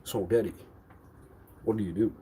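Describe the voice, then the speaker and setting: A man's voice: fairly low pitch, fairly even intonation, moderate pace, warm tone, slight background noise. A man on a live stream, talking in an insistent, repetitive way and firing accusing, demanding questions. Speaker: livestreamer.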